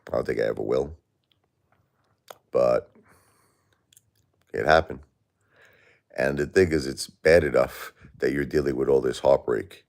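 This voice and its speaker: A man's voice: extremely low pitch, unhurried, creaky, pauses often, a little mellow. A grieving man hosting a live stream, talking in an aggrieved, plaintive, repetitive way and answering chat. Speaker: livestream host.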